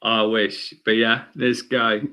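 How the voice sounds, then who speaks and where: A young man talking football in an energetic, slangy casual chat, calling everyone mate. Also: on the low side, slow, clear, resonant tone. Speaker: guest fan. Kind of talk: casual fan chat stream.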